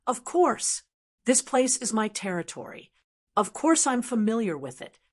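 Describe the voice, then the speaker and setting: A woman's voice: on the high side, expressive, unhurried, voice pushed up. A woman voicing a boastful, cowardly talking female blackbird in an audiobook, whiny and indignant, with squawking cries. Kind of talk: audiobook character voice.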